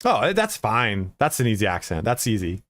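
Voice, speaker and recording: A man's voice: on the low side, wildly swooping pitch, a little fast, fairly bright tone, slight background noise. Rambling, profane male game streamer. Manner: rambling, profane, lots of filler words. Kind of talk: casual stream chat.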